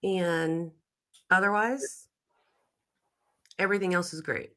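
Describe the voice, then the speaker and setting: A woman's voice: on the low side, slow pace, sharp tone. A woman real estate agent chatting on a video call, hesitant and full of fillers. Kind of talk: casual chat.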